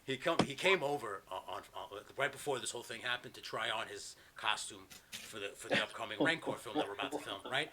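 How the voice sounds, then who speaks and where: A man's voice: medium pitch, animated, over a noisy crowd. A man hosting a podcast, casually telling rambling, profane stories over a video call. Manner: fast, rambling storyteller, swears a lot. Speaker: podcast host. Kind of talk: casual chat.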